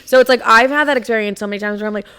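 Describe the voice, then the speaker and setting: She is a young woman with a fairly high voice, co-hosting a casual chat. She is blunt and tosses out crude jokes and quick asides. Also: pushed and bright, smooth. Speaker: podcast co-host.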